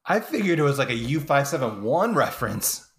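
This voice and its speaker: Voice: medium pitch, very animated, fairly quick. A podcast co-host in casual chat about a film, adding short comments and laughing along. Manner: chimes in with short reactions and laughs. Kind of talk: casual movie recap chat.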